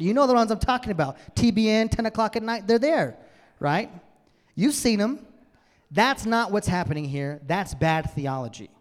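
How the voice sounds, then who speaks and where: A man preaching a sermon as a pastor in a church, swinging from loud emphatic bursts to near-whispers. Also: high voice, sing-song, normal speed. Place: church sanctuary. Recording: long church-hall reverb.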